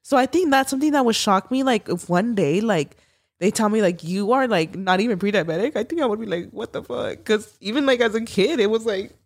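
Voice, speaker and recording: A woman's voice: mid-range voice, expressive, a little fast, dry recording, studio quality. A young woman co-hosting a podcast, chatting casually with lots of fillers and swearing. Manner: swearing, filler-heavy, giggly. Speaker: podcast co-host. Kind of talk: casual chat.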